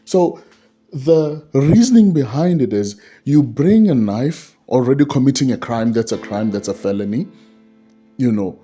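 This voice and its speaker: A man's voice: medium pitch, warm tone, husky. A man giving a solo commentary on a court case, repeating his points and asking rhetorical questions.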